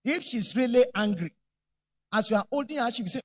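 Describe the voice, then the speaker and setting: Male preacher, high, lively and expressive, close and dry. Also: normal speed, dry recording. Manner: animated, humorous storytelling. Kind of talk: sermon.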